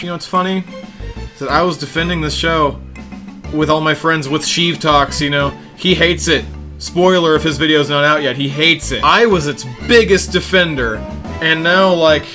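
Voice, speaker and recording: Bright-voiced young man ranting sarcastically. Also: on the high side. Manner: sarcastic, exasperated, mock-dramatic grieving bit. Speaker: YouTube reviewer. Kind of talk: ranting review monologue. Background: faint music.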